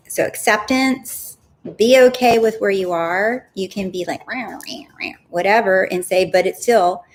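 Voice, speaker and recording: Young adult woman, coach hosting a casual live Q&A; chatty, self-amused, mid-pitched. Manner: chatty and animated, laughs at herself, says "right?" often.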